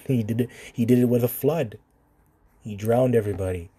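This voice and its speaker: A husky-voiced man gives a casual sermon, reading verses and breaking off with short laughs. His tone is dark and mellow, and he keeps turning to the listener with "man" and "right?". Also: medium pitch, moderate pace. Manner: informal, laughs often, keeps saying "man". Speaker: scripture teacher. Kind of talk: sermon-style Bible reading and commentary.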